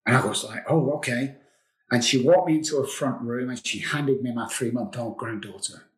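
A man's voice: mid-range voice, a little fast. A middle-aged man speaks as an interview guest, recounting personal hardships in an earnest, confessional manner. He circles back on phrases to drive them home. The recording has a noticeable roomy echo. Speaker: guest, addiction recovery expert. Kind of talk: emotional personal storytelling.

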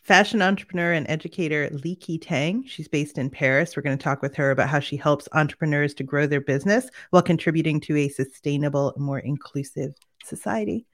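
A woman's voice: low-pitched, brisk, hardly any pauses. A woman co-hosting a show in casual chat, chatty and laughing often as she introduces the guests and reads a sponsor spot. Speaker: co-host.

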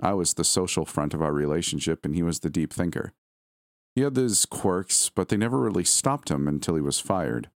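A man narrating a first-person story in an expressive way, close to the mic. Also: deep voice, brisk, no echo.

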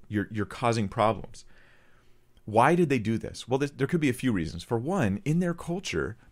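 A man preaching a conversational sermon, casually acting out the voices of the crowd. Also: low-pitched. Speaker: pastor.

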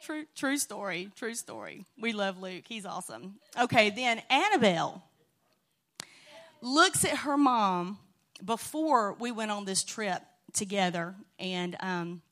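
A woman's voice: mid-range voice, very animated, unhurried. A woman telling funny stories to a church congregation in a chatty, laughing way. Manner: chatty and warm-hearted, laughing often. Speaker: church speaker. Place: church sanctuary.

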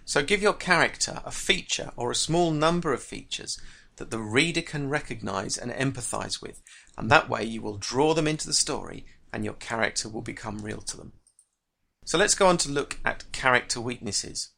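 Guy doing a writing craft podcast, calm and explainy, bit of a gravelly voice. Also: medium pitch. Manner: measured, explanatory. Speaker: writing teacher and podcast host.

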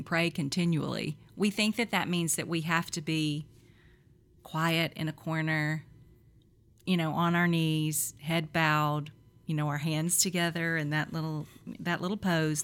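A middle-aged woman co-hosting a faith podcast, telling lively stories, laughing often and acting out quotes. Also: low voice. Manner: animated storyteller, laughs often, acts out quotes.

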